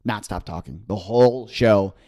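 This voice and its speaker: A man's voice: lowish voice, normal speed, warm tone. A young man co-hosts a comedy podcast and tells long, rambling stories from his gigs. He circles back with fillers and restarts. When he quotes people, he acts them out. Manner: rambling storyteller who acts out what others said. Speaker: stand-up comedian and podcast co-host. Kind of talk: casual comedy podcast chat.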